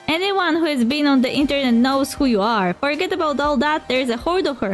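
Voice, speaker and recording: A woman with a high voice reads a game's story aloud on her stream, narrating scenes and voicing lines. She breaks off to comment in her own words between passages. Light music plays behind her. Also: lively intonation, fairly quick, hardly any pauses. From Poland. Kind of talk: reading game dialogue aloud.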